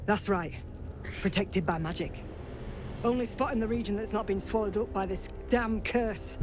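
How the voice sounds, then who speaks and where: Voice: mid-range voice, moderate pace, noisy background, close to an everyday voice. An actor voicing a curt grim game scout. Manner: curt, matter-of-fact warnings. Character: grim scout guiding travelers through a cursed land. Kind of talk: video game voice acting.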